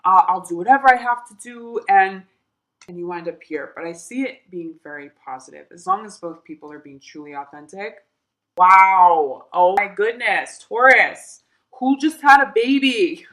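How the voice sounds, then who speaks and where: A woman giving a tarot reading, chatty and reassuring, talking straight to her viewers with emphatic repeats. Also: lowish voice. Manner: animated, with laughs and emphatic repeats. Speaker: tarot reader.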